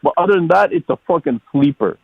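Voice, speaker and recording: A man's voice: a little high, animated, quick pace, gravelly, slightly rough, dry recording, muffled recording. A man calling into a podcast, rambling, swearing freely and stammering on repeated words. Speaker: caller. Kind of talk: casual call-in chat.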